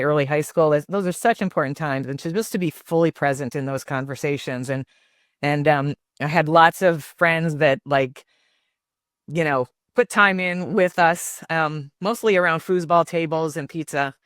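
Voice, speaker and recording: An older woman, a grandmother, telling family stories as an interview guest, thoughtful and halting with many fillers. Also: low-pitched, no room sound, studio quality. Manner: warm reflective storytelling with many fillers. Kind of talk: casual interview talk.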